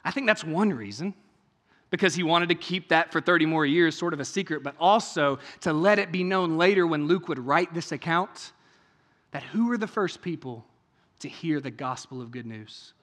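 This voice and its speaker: A man preaching a sermon in a church, talking conversationally, asking many rhetorical questions and moving between hushed, intimate passages and raised, emphatic ones. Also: on the high side, animated, moderate pace, long reverb tail. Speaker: pastor. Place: church sanctuary.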